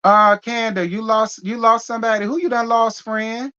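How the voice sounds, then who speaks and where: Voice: mid-range voice, flat delivery, moderate pace, sharp tone, highs cut off. A livestream host chatting casually with viewers, sassy and playful, thanking donors by name and blowing kisses.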